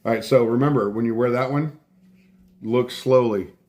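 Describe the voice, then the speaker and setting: A man's voice: mid-range voice, normal speed, a little mellow. A middle-aged man hosting a casual live stream from home, telling a rambling story full of swearing and breaking off to thank viewers. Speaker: livestream host.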